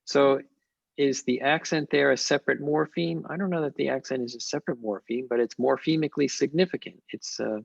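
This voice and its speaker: Man with a gravelly voice fielding questions, slow and thoughtful, lots of restarts, dull lo-fi call sound. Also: medium pitch, dry recording. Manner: measured, thoughtful, with frequent pauses and restarts. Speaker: conference speaker answering questions. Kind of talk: academic Q&A on an online call.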